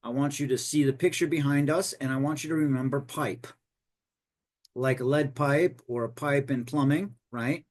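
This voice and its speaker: A man teaching storytelling for tabletop games in a loose, animated, digressive way. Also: mid-range voice, normal speed. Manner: animated, digressive, conversational explaining. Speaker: game master teaching storytelling. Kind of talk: informal lesson.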